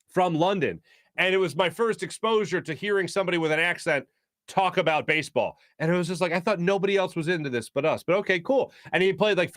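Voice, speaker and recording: A man's voice: a little high, a bit bright, dry recording, clean studio sound. A man hosting a sports talk show, chatting casually in a rambling way with lots of fillers. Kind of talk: casual sports radio chat.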